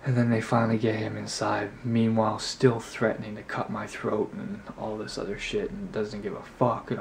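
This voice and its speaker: A man's voice: on the low side, level tone, moderate pace, gravelly, hardly any pauses, slight background noise. A man vlogging, telling a story casually to camera in a rambling way with lots of filler words. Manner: rambling, heavy on "you know" fillers.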